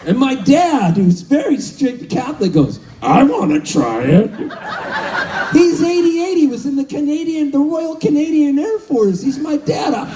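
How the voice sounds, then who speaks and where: A man in his fifties from Southern California, telling a story on stage between songs, animated and laughing, calling out to the crowd. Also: very high voice, moderate pace, few pauses, a little hiss or hum, rough recording. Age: 50s. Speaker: musician. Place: live concert stage.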